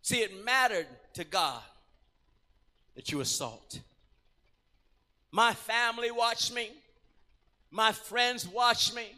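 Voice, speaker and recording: A middle-aged man from Puerto Rico, a pastor preaching a sermon, telling stories dramatically and rising to shouts. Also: very high-pitched, slow pace, long pauses, big-room sound. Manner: dramatic storytelling, acting out scenes, rising to shouts. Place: church.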